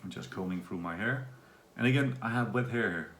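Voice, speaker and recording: A man's voice: fairly low pitch, brisk, echoey room, slight background noise. A man from Denmark giving a casual, rambling video update to his viewers. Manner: relaxed, rambling, with fillers. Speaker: vlogger.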